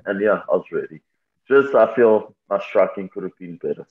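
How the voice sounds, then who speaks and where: A man's voice: low voice, expressive, normal speed. Man over a tinny line. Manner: candid, reflective, laughs easily. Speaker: MMA fighter, guest. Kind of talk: casual interview talk.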